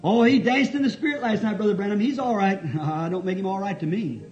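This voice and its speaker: A man preaching a folksy, fervent sermon and telling stories, with sudden shouts. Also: sits high, a little fast. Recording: dull lo-fi old tape, faint music.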